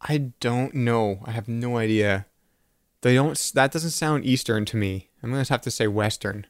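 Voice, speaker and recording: A man's voice: medium pitch, moderate pace, dry recording, clean studio sound. Easygoing man thinking aloud. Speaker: game player. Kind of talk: casual chat over a board game.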